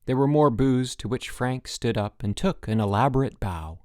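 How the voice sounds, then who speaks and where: A man narrating an audiobook in lively storytelling narration. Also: medium pitch, moderate pace, no echo, studio quality. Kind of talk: scripted narration.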